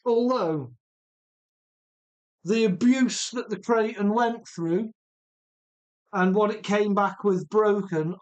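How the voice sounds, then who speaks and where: A middle-aged man from Telford, chatting casually while repairing a remote-control car and reading out viewer comments. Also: high voice. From Telford, English Midlands. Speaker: RC car channel host.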